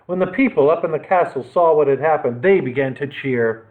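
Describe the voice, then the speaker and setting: For storytime, a male librarian reads a children's adventure story with dramatic expression, his voice fairly high and fairly quick. It comes through with a tinny, phone-like sound.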